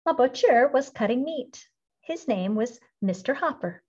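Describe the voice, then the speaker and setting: A woman reads a children's picture book aloud in a singsong, expressive way. Her pitch swings widely and her voice is husky. The recording sounds dull and lo-fi. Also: a little slow. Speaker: storybook reader.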